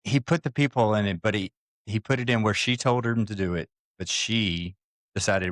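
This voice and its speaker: A man with a fairly low voice co-hosts a casual podcast, telling a story with animated, acted-out quotes. His voice is recorded close and dry, with no room sound. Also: moderate pace, no echo. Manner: acts out quoted voices, takes firm stances. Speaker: podcast co-host.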